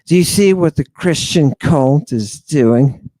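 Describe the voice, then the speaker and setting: A man's voice: on the high side, expressive, takes it slowly, dark tone, no echo. A man hosting a late-night podcast lecture, rambling and sardonic as he talks straight at his listeners. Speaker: podcast host.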